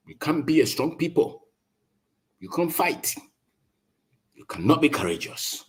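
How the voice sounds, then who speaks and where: A man's voice: fairly high pitch, big pitch swings, measured pace, a bit bright, husky. A man with a Ghanaian accent giving an impassioned, preachy talk, repeating his points for emphasis. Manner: emphatic, preachy, repeats phrases, switches between English and Twi. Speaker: speaker on colonisation.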